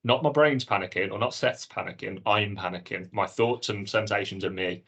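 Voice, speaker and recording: Earnest man, lowish voice. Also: moderate pace, husky. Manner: earnest, animated storytelling with acted-out inner dialogue. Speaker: podcast co-host. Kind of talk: casual chat.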